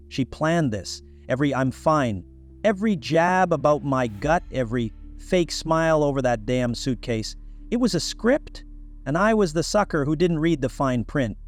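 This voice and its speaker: A young man narrating a first-person story in a casual, wry, conversational way. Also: medium pitch.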